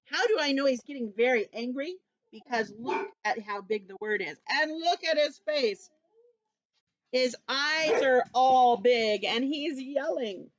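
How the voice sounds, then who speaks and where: Slow, animated woman teacher reading to kids. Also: sits high, no room sound, dull audio. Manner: gentle, animated, asks children questions. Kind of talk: storybook reading to young children.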